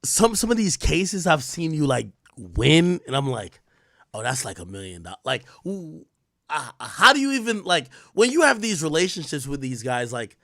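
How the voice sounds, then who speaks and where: A man's voice: on the high side, big pitch swings, normal speed, gravelly, bright, forceful tone, no echo, clean studio sound. A man hosting an interview, asking curious, loose questions. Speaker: host.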